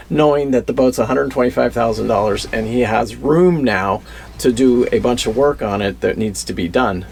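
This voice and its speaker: Gravelly guy rambling thru a story on his vlog, lots of uh and um, faint hiss behind him. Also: medium pitch, normal speed. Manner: rambling, with many fillers and restarts. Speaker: vlogger.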